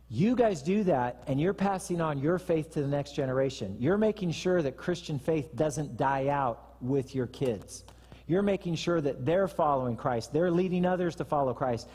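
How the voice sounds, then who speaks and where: Husky conversational pastor in a hall. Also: male voice, fairly high pitch, moderate pace, a little mellow. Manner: conversational, joking asides. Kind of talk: sermon. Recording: reverberant hall.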